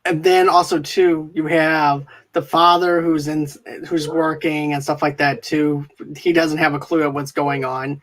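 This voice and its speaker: A man's voice: on the high side, level tone, a little slow, fairly bright tone. A man hosting a podcast, chatting casually about a movie and retelling scenes in a rambling way with filler phrases. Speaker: podcast host. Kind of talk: casual movie review chat.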